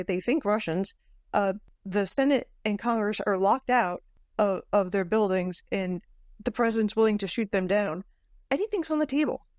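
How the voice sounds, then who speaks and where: A woman's voice: mid-range voice, darkish tone, no echo, clean studio sound. A woman co-hosting a podcast, chatting casually about a book with fillers and restarts. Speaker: podcast co-host. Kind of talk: casual book club chat.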